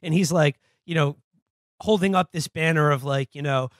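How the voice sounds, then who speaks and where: A man's voice: a little high, normal speed, no echo, studio quality. A man hosting a podcast, reading an article aloud and breaking off with sardonic, mocking asides. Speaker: podcast host. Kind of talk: casual chat, reading an article aloud with commentary.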